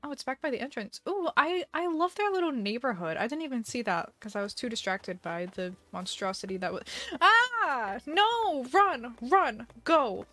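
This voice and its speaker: A young woman live-streaming a video game, chatting casually with a giggly, dramatic manner and mock panic. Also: a little high.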